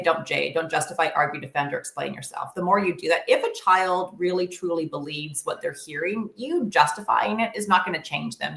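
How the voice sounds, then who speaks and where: A woman's voice: on the low side, a bit bright, echoey room. A woman guest explaining co-parenting advice in an interview, earnest and emphatic with frequent fillers.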